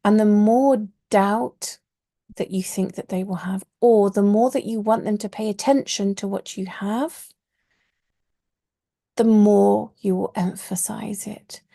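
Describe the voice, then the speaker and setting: A woman's voice: medium pitch, steady tone, slow, gravelly, warm tone, dry recording, studio quality. A woman teaching an online Arabic course, explaining earnestly and stressing key words, with religious phrases woven into her teaching.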